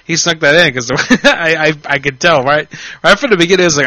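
A man's voice: fairly high pitch, fast, sharp tone, dry recording. A man hosting a radio show and making prank calls, talking in a brash, needling, profane way. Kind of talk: crude radio banter. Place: radio studio.

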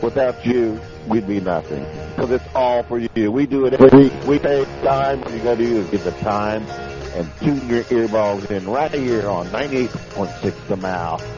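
A man's voice: mid-range voice, normal speed. A man hosting a comedy radio show, rambling and jokey as he thanks the regulars. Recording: dull lo-fi internet radio with music.

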